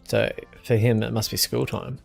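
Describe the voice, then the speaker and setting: A young man streaming a game and chatting casually with viewers in a relaxed, easygoing way. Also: lowish voice, moderate pace, creaky, faint music behind. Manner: relaxed, chatty, answers chat with small laughs. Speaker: gaming streamer.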